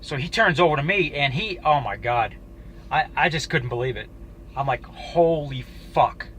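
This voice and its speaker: A man telling a personal story to camera in a casual, halting way, swearing often and restarting his sentences. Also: mid-range voice, pushed and bright, a little hiss or hum, poor audio. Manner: profane, halting, with frequent restarts. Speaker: YouTuber.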